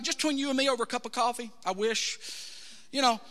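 A pastor in middle age tells his story from the pulpit, dropping to a hush and then rising to a shout. His voice sits very high and sounds sharp and forceful. It carries a long hall reverb. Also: fast talker. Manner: passionate storytelling preacher, swings from hushed to shouting. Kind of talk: sermon.

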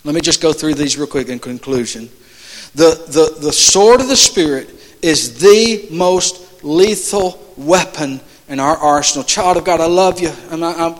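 Impassioned pastor in a reverberant church. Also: male voice, sits high. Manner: impassioned, rising to loud emphatic peaks. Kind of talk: sermon. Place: church sanctuary. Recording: long church hall reverb.

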